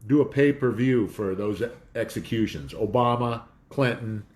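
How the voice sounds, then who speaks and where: A man's voice: mid-range voice, normal speed, a little mellow. A man hosting a casual talk show from home, rambling in a conspiratorial monologue with a dog nearby.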